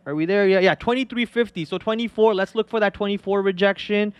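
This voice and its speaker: A man hosting a live stock trading show, talking in an excitable, rambling way with many restarts. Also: high-pitched, a little fast, smooth, dry recording, muffled recording.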